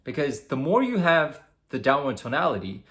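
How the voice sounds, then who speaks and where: A young man speaking straight to camera as a communication coach, with lively, demonstrative explaining. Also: mid-range voice, moderate pace. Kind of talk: instructional talk to camera.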